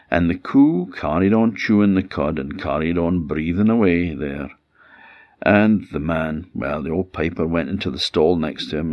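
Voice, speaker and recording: Deep-voiced Orcadian storyteller, animated. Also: male voice, no echo, lo-fi sound. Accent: Orcadian Scottish. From Orkney, Scotland. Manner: animated, wry, conversational. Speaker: traditional storyteller. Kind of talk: oral folktale storytelling.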